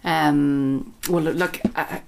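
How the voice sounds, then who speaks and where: A woman's voice: deep voice, fairly even intonation, very slow, creaky, darkish tone, a little hiss or hum. A woman who works in the wine business, co-hosting a podcast in a thoughtful, hesitant way with many restarts. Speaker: wine expert co-host. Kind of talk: casual chat.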